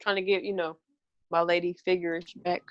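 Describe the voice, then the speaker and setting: A woman's voice: on the low side, level tone, fairly quick, lo-fi sound. Blunt, laid-back woman co-host. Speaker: podcast co-host. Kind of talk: casual chat.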